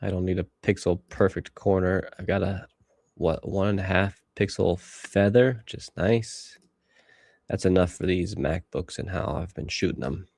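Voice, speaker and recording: A man's voice: sits low, normal speed, gravelly, a little mellow, no echo. A man in his thirties streaming live as he edits photos, rambling and talking to himself while he works. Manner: rambling self-talk, musing aloud. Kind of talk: casual livestream commentary while working.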